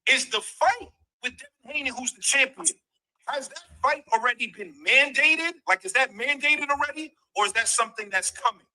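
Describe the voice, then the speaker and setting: A man's voice: very high voice, normal speed, pushed and bright, rough recording. A man co-hosting a livestream, interviewing a guest in an earnest, slightly formal way. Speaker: co-host interviewer.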